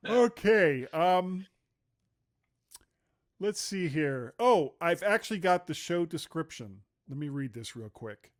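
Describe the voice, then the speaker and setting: A man's voice: a little high, expressive, unhurried. Chatty man co-hosting a podcast. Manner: chatty, laughs often, reads show notes aloud. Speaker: podcast co-host. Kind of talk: casual podcast chat.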